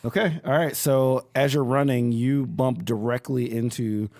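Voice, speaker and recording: A man's voice: mid-range voice, fairly even intonation, measured pace, crowd noise. A man narrating as dungeon master in a tabletop game, talking with many fillers and restarts.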